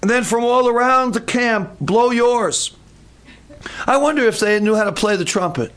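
An older man preaching a sermon, telling a story with animated, acted-out voices. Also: extremely high pitch, normal speed. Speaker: pastor.

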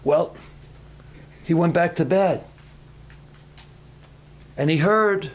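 A man preaching a sermon, telling a Bible story slowly and emphatically, acting out the voices. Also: on the high side. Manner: acts out voices in the story, calls names dramatically. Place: church.

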